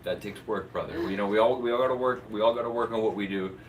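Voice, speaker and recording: A man's voice: fairly low pitch, steady tone, quick pace. A young man co-hosting a live stream, chatting casually and jokingly, reading chat, with rambling restarts. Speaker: streamer co-host. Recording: slightly distant mic with faint noise.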